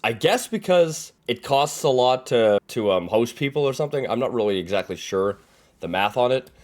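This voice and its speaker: A man's voice: medium pitch, animated, normal speed. A young man hosting a reaction video, making rambling, unsure asides. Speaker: reaction channel host. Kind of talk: casual reaction commentary.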